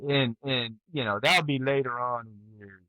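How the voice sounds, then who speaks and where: A retired Army sergeant first class from the United States, a man in his forties, tells his service stories as a guest in a candid interview, blunt and heavily profane, with animated quoted outbursts. His mid-range voice moves at a moderate pace, and the recording is dry and lo-fi.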